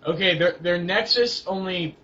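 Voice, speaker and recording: Young guy chatting wrestling, kinda high voice, lots of ums, muffled lo-fi sound. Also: bright, forceful tone. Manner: rambling, halting with many fillers and restarts. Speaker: co-host of a wrestling blog. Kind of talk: casual chat about wrestling. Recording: dull lo-fi home recording with faint hiss.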